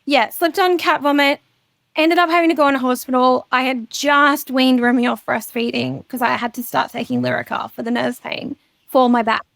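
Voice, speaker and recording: A woman's voice: sits high, fairly even intonation, moderate pace, vocal fry, a bit bright, dry recording. A woman, a podcast guest, telling her personal story frankly and casually, swearing freely.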